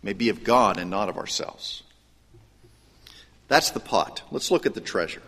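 A man preaching a sermon. He swings between raised, emphatic lines and hushed, dropped asides. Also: fairly low pitch, lively intonation, moderate pace, long reverb tail. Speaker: pastor.

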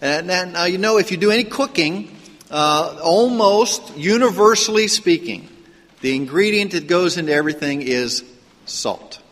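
With a high, expressive, fairly bright voice at a moderate pace, this Pittsburgh pastor fills the big room of a church sanctuary. He has a faint Pittsburgh accent and preaches in a conversational style marked by rhetorical questions and restarts.

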